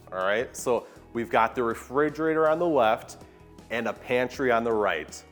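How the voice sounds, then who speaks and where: An upbeat man giving a walkthrough tour of a large kitchen, enthusiastically pointing out its features. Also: mid-range voice. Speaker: home tour guide. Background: soft background music.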